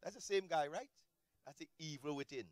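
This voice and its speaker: A man preaching a sermon as a pastor, animated, swinging between shouted peaks and low, quiet asides. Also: brisk, no echo.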